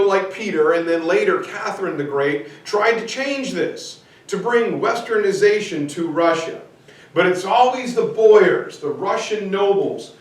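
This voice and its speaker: A man teaching history in a casual, chatty lecture, with informal, jokey asides in a classroom. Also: sits high. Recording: echoey room, mic far off.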